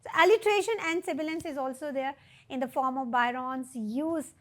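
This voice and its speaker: A woman giving a literature lecture, explaining poetic devices and reading verse aloud with deliberate emphasis. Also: sits high. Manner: explains terms and asks rhetorical questions.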